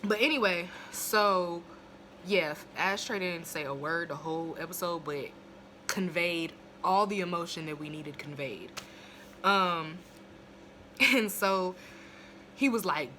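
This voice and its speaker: A woman's voice: fairly low pitch, slow, long pauses, pushed and bright, slight background noise. Blunt, profane young woman. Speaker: TV episode reviewer. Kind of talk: casual recap vlog. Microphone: phone.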